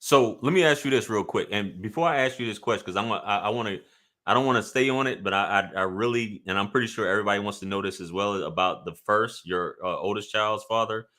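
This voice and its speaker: Bright-voiced male live-stream host. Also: lowish voice, fast. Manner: easygoing, repeats himself, urges viewers to like. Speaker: podcast host. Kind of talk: casual live-stream interview.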